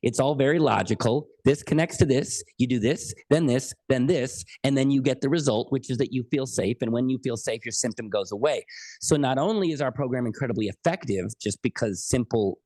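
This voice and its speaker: An earnest middle-aged man speaks as a podcast guest, driving his points home by repeating key words. His voice sits at an ordinary middle pitch. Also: a little fast, mellow. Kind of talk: conversational interview.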